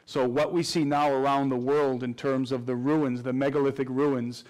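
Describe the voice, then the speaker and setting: A man's voice: mid-range voice, flat delivery, moderate pace, darkish tone. A man answering interview questions at length in an earnest, explanatory way, often restarting his phrases. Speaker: guest researcher.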